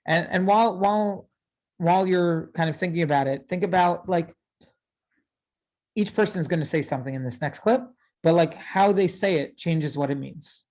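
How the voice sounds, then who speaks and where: A man's voice: fairly high pitch, normal speed, a little mellow. A man in his thirties, a rabbi giving a casual lecture, chatty and full of fillers and tag questions. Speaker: rabbi teaching a class.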